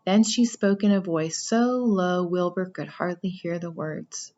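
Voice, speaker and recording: A woman reading a children's novel aloud with steady storytelling narration. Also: lowish voice, a little slow, muffled recording. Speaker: reader.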